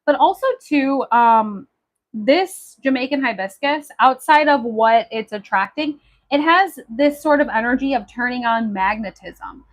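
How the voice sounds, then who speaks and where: A woman from Maui hosts a casual livestream, her voice sitting a bit high. She chats on enthusiastically, full of fillers and friendly asides. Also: a little slow, rough recording. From Maui, Hawaii. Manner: chatty, enthusiastic, many fillers. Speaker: livestream host.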